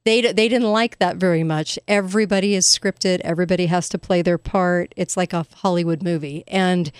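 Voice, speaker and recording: A woman's voice: on the low side, steady tone, moderate pace, clean tone, dry recording, studio quality. A woman hosting a casual commentary monologue, sarcastic and emphatic, laughing at her own points. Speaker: commentary host.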